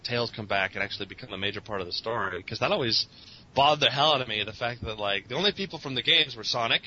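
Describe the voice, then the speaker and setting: On a podcast, a male interviewee with a bright voice chats casually, rambling, swearing, mocking himself, and laughing often. The recording is muffled and lo-fi, with a faint rumble underneath.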